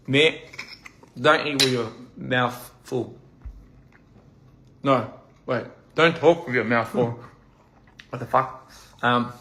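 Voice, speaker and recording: A man chatting casually on a live stream during a meal, playful and halting, repeating phrases as he practices pronunciation. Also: medium pitch, pushed and bright. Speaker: livestream host. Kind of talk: casual live-stream chat while eating.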